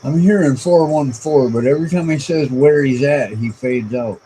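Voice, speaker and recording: Laid-back man with a mellow voice. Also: medium pitch, normal speed, a little hiss or hum, rough recording. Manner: rambling, chuckling, laid-back. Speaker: streamer. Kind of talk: casual chat. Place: outdoors at night. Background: faint crickets and insects.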